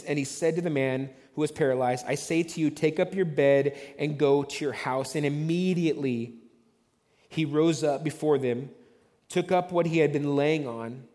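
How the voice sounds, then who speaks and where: A man's voice: on the high side, moderate pace, a little mellow, big-room sound. A man preaching a sermon as pastor, telling the story conversationally and acting out the voices of the onlookers.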